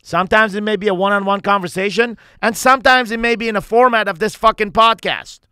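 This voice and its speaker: Male podcast coach, intense and profane, slightly high, dry close sound. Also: quick pace, pushed and bright, smooth, dry recording. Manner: intense, emphatic, heavy swearing. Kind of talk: candid podcast conversation.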